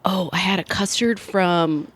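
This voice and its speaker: A woman's voice: a little slow, no echo. A woman comedian chatting casually as a podcast guest, telling stories with big jumps in her voice and plenty of swearing. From California. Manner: animated, swearing storyteller with big pitch jumps.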